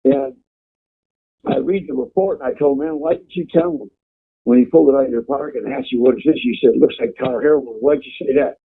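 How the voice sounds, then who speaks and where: Man, gravelly, husky, profane rambling storyteller, tinny phone line. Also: medium pitch, a little fast. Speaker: guest telling prison stories. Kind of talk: casual storytelling.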